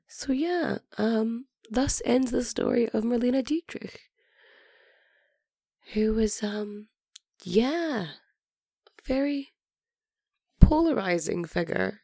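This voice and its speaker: A woman hosting a podcast, telling a story casually with lots of fillers, her voice gravelly from being sick. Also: medium pitch, warm tone, no echo, clean studio sound. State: sick, hoarse. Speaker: podcast host.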